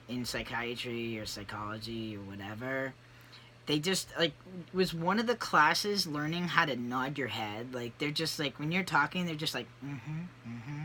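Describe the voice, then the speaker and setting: A vlogger talking candidly in a casual personal video, rambling with many fillers and animated asides. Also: mid-range voice, slight background noise.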